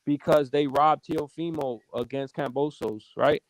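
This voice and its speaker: A man's voice: on the high side, steady tone, measured pace, rough recording. Insistent man in casual debate. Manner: insistent and repetitive.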